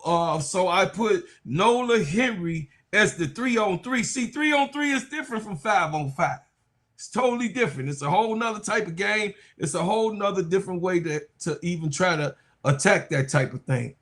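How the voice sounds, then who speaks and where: A man hosting a casual sports talk stream, reading viewer comments aloud. He is under the weather and breaks into loud, animated outbursts. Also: high-pitched, moderate pace. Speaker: sports talk show host.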